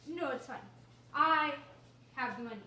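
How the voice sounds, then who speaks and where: Girl doing a jittery teen, stammers a lot, high voice, echoey far-off sound. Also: normal speed, slight background noise, close to an everyday voice. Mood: flustered. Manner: stammering, hesitant. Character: nervous teenage buyer, flustered and evasive. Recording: echoey room from a distance.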